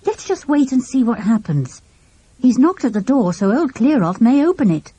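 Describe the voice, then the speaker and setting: A woman playing an impatient schoolboy, emphatic and exasperated, lively delivery. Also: fairly high pitch, moderate pace, breathy edge, voice pushed up. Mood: eager.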